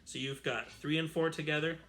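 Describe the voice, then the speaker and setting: A man's voice: a little high, steady tone, brisk, background noise. A man teaching a string orchestra lesson on camera from home, counting and singing rhythms aloud and chatting with fillers. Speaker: music teacher. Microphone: camera mic.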